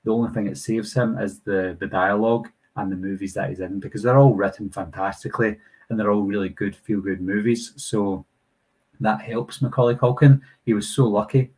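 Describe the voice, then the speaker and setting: A man's voice: lowish voice, steady tone, normal speed, a little mellow, husky, poor audio. A British man in his thirties hosting a live Q&A stream, reading viewer comments and chatting casually. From United Kingdom. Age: 30s. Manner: chatty, reads viewer comments aloud and answers them.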